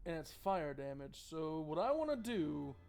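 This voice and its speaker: A man's voice: on the high side, sing-song, moderate pace, gravelly, darkish tone. A man streaming a live board game playthrough, chatty and joking while thinking aloud about his moves.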